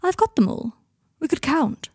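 A woman's voice: sits high, sing-song, normal speed, creaky, darkish tone, no echo, clean studio sound, pitched above the performer's own voice, full character voice. A woman reading aloud and voicing a prickly, teasing young man with a haughty, mocking manner.

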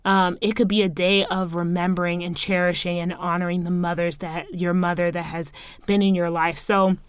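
A woman's voice: fairly low pitch, flat delivery, moderate pace, smooth, dry recording. A woman hosting a solo podcast, talking in an earnest, encouraging, casual way. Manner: earnest and encouraging, rising upbeat sign-off. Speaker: podcast host.

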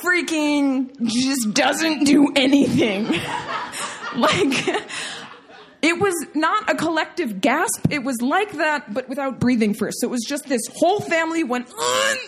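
A woman telling a comic personal story, animated and laughing as she goes. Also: high voice, unhurried, slight background noise.

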